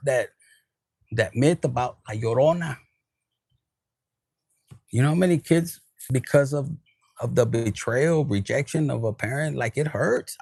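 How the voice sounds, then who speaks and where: Gravelly man giving a casual tarot reading. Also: mid-range voice, darkish tone, dry recording, poor audio. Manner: casual, profane, mixes in Spanish words. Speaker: tarot reader. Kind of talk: spiritual reading monologue.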